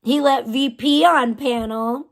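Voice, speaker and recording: A woman's voice: high-pitched, steady tone, takes it slowly, creaky. A young adult woman hosting a livestream, ranting with heavy profanity and open scorn. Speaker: livestream host.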